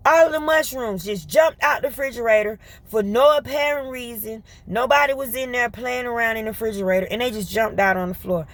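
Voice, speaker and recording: A woman telling a story to her viewers in casual, colloquial chat. She talks fast in bursts, is lively, and laughs often. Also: fairly high pitch. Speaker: vlogger.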